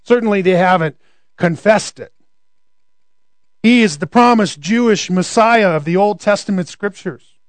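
A man's voice: high-pitched, unhurried, pauses often, no room sound. A man preaching a conversational sermon, often asking rhetorical questions.

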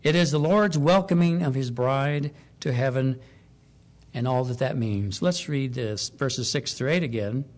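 Guy preaching a sermon, slow and deliberate, gets louder on the big points. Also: medium pitch. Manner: measured, slows for emphasis, rises on key points.

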